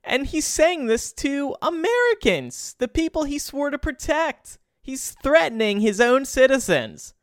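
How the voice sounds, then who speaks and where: Man plays relaxed Jesus co-host; lively pitch, dry close sound. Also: a little slow, hardly any pauses, dry recording, heavily acted. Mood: easygoing. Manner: easygoing, laughs often, reads out news items. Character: Jesus as God's easygoing adult son and co-host. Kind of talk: improvised comedy podcast chat.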